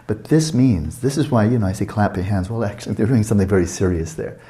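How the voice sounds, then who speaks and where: A man in his sixties teaching a meditation retreat, talking calmly and reflectively and asking many searching questions. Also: lowish voice. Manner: calm, reflective, asks many rhetorical questions.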